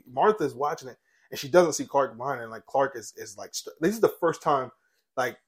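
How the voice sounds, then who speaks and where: A man's voice: medium pitch, slightly rough. A young man co-hosting a podcast, chatting casually and animatedly, swearing freely and retelling TV scenes with feeling. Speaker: podcast co-host. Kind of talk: casual chat.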